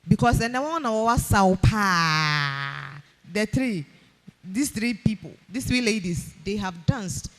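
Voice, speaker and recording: A Ghanaian-accented woman hosts a live event, energetically coaxing audience members to come up and repeating her calls over and over. Her medium-pitched, somewhat bright voice is lively but unhurried. Music plays faintly in the background of the event hall.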